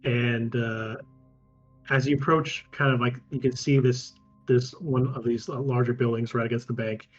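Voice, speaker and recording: A man narrating as game master of a tabletop role-playing game, halting with frequent ums and restarts. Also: medium pitch, level tone, muffled recording, soft background music.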